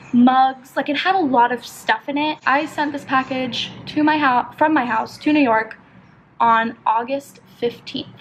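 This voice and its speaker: A young woman from California vlogging as she does her makeup at home. She tells a story in a chatty, animated way, full of "like". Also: high voice, a little hiss or hum, low-quality recording. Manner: chatty, filler-heavy, animated retelling with lots of "like". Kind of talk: casual get-ready-with-me storytelling.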